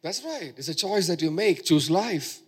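A man's voice: high-pitched, expressive, moderate pace, slightly rough. A man preaching a sermon, emphatic and repeating phrases for stress.

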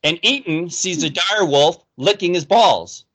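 A man hosting a casual group chat, telling jokes and playfully doing quick character voices. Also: high-pitched, expressive, a bit bright. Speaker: podcast host telling jokes.

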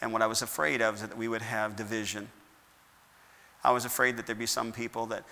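A man's voice: fairly low pitch, level tone, a little fast, vocal fry, sharp tone. A man preaching a sermon as pastor, firing rhetorical questions and rising into emphatic bursts. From United States. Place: church sanctuary. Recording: long church hall reverb.

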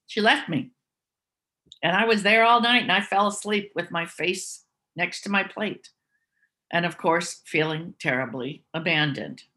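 A woman's voice: on the low side, a little slow, pushed and bright. A woman candidly telling personal stories and reflecting on them as she goes. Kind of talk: personal storytelling.

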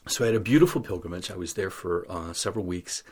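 Deep husky man telling his story. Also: fast talker. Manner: earnest storytelling, acts out quoted dialogue. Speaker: interview guest. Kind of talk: telling a personal faith story.

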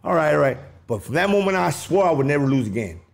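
A man from the Los Angeles area, with a slightly high, creaky voice and quick pace, tells a story in casual slang. He's animated, acting out the voices of the people involved.

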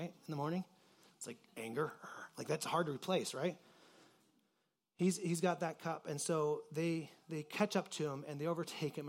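A man preaching a conversational sermon, casual and animated, acting out the voices in the story and leaning on fillers. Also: a little high. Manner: uses many fillers like "like". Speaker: pastor.

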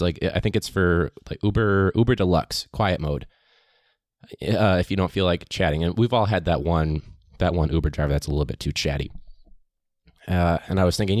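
A man's voice: sits low, darkish tone, no echo, clean studio sound. A man, a teacher, hosting his podcast in a casual, rambling monologue full of fillers. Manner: chatty, rambling, many fillers.

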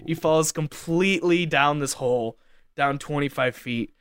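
A man's voice: a little high, a little slow, noisy background. A young man telling a casual story at length, rambling with lots of fillers like "like". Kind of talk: casual anecdote.

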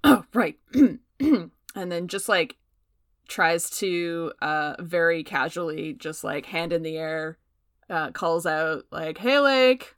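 A woman playing a tabletop game who describes her character in a chatty, hesitant way. Her voice sits slightly low, and the recording is dry. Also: level tone, slow pace, fairly bright tone, no echo. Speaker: player. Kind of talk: casual game narration.

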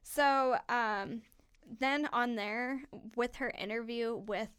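A young woman hosting a podcast, telling a story in casual chat, animated and peppered with "like" and swearing. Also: on the high side, takes it slowly, clear, resonant tone, no echo, clean studio sound. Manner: animated, swearing, heavy use of "like". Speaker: podcast host.

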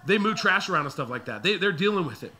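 Male pastor, thirties, bright ringing voice, pitched a touch high, animated storyteller who slips into voices. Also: quick pace, a little hiss or hum. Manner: animated, acts out voices of his kids and himself. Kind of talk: storytelling sermon.

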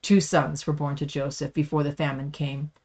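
A woman reading Bible passages aloud for a Bible study, steady with small slips. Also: low voice, normal speed. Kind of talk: scripture reading.

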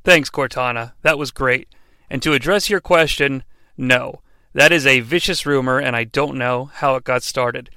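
Man, comedy recap host, wry asides, bright, tense tone. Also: medium pitch, normal speed, clean tone, no echo. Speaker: podcast host recapping wrestling.

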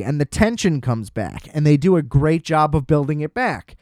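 A man retells a film plot in a loose, rambling way, dropping "like" constantly and swearing bluntly. His voice sits a little on the high side. The sound is close and dry, with no room around it. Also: expressive, moderate pace, hardly any pauses, dry recording. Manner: loose and chatty, heavy "like" fillers, blunt swearing. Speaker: film reviewer. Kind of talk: casual film plot recap.

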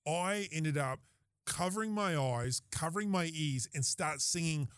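Animated Australian man telling a laughing story. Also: on the high side, unhurried, clean tone, dry recording, clean studio sound. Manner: animated, laughing storyteller who acts out quoted lines. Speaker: podcast host. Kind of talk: casual storytelling chat.

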